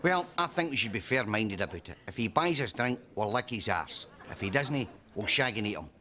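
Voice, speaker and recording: A man's voice: lowish voice, animated, brisk, sharp tone. A crude scheming pub man. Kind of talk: sitcom acting.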